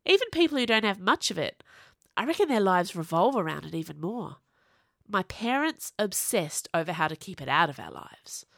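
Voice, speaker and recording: A woman reading her own fiction aloud in a wry, expressive storytelling voice for a podcast. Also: mid-range voice, moderate pace, gravelly, no echo, studio quality. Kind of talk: audiobook story narration.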